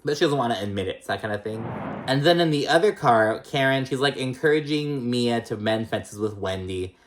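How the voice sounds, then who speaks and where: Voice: mid-range voice, fairly quick, slight background noise. A reality TV recap host giving a casual, gossipy episode rundown, swearing freely and packing the talk with fillers like "like" and "um". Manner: profane, filler-heavy, chatty; animated, mimics the cast in raised voices.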